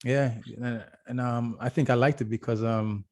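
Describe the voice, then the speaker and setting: A man's voice: medium pitch, fairly even intonation, moderate pace, darkish tone. A man co-hosting a podcast, telling an easygoing story while stumbling over words. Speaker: podcast co-host. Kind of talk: casual chat.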